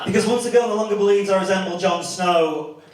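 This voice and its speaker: A young man from the north of England with a Northern English accent, performing an animated stand-up comedy set. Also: brisk, heavy background noise. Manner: animated, jumps into high-pitched character voices for punchlines. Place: comedy club. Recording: echoey club from a distance, clear crowd laughter.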